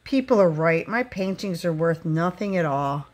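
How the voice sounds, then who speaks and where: A woman voicing a big, bearded painter who speaks gently and patiently to his son, in a lively storybook reading. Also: on the low side, normal speed. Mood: gentle. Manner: soft, patient and kindly.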